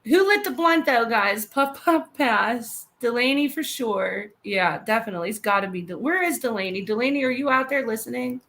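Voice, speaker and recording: Woman co-host, high-pitched, chatty, giggly, casual talk. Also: expressive, fairly bright tone. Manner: chatty, giggly, tells stories fast. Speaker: podcast co-host. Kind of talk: casual chat reading live comments.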